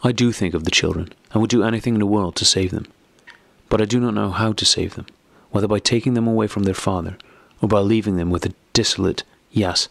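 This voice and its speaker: A man with a low, gravelly voice reading the lines of a bitter, distraught wife in an audiobook. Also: dry recording. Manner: sharp, accusing outbursts.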